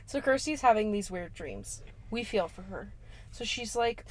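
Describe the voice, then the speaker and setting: A woman's voice: mid-range voice, animated, unhurried. A young woman co-hosting a podcast, casually recapping a horror film with slang, swearing and sassy asides. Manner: sassy, swears, acts out characters in slangy voices. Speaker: podcast co-host.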